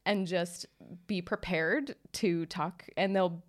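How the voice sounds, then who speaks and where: A woman's voice: fairly low pitch, steady tone, slow pace. Chatty American woman podcaster. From United States. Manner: chatty, full of "like" fillers. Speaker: podcast co-host. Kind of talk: casual podcast chat.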